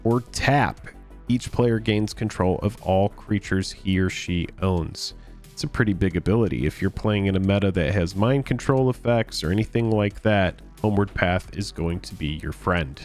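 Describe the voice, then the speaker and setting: A man co-hosting a casual chat about card prices, relaxed and wry. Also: sits low, moderate pace, soft background music. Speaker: co-host.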